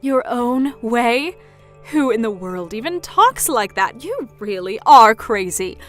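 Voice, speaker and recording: A woman's voice: on the high side, sing-song, takes it slowly, a bit bright, faint music behind, exaggerated voice. A woman voicing a controlling middle-aged mother who mocks and belittles her daughter. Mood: scornful. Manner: mocking, belittling, pushy.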